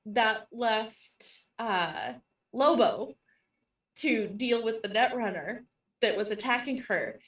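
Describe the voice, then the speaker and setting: A woman who co-hosts and runs games, talking fast and laughing often in casual chat. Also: a little high, fairly bright tone. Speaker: co-host and game master. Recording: echoey room from a distance.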